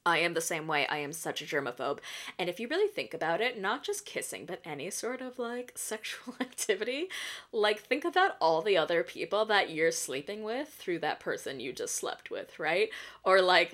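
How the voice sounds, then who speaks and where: A woman's voice: fairly low pitch, animated, moderate pace, fairly bright tone. A woman hosting a podcast and recapping reality TV in casual chat. She talks in a chatty way, laughs often and swears freely. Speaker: podcast host.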